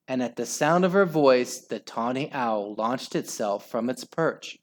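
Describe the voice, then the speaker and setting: A man reading a children's book aloud with slow, expressive storytelling. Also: mid-range voice. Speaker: storybook reader.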